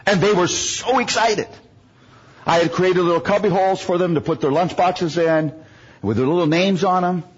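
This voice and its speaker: A man's voice: sits high, moderate pace, breathy edge, dull audio. A man from the United States preaching a sermon, telling humorous stories and making self-mocking jokes.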